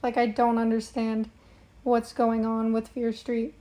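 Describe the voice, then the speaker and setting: A woman's voice: fairly high pitch, completely flat delivery, measured pace, warm tone. Chatty young woman on a livestream. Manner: chatty, rambling, with frequent fillers. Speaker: livestreamer reading viewer comments. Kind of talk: casual live-stream chat.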